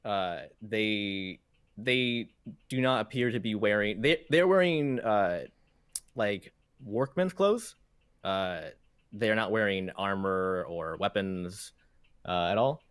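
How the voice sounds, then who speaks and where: A man narrating as game master of a tabletop game, halting and full of fillers. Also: lowish voice, fairly bright tone, smooth, no room sound.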